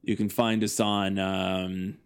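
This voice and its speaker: Low-voiced joking male podcast host. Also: level tone, slow pace, gravelly, smooth. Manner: loose, joking, lots of fillers. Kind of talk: casual chat.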